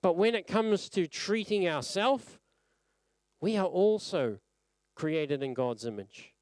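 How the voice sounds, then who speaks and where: Earnest preacher. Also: male voice, lively intonation, slow pace, clear, resonant tone, dry recording. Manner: earnest and reflective, dropping his pitch softly at phrase ends. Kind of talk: sermon. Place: church service.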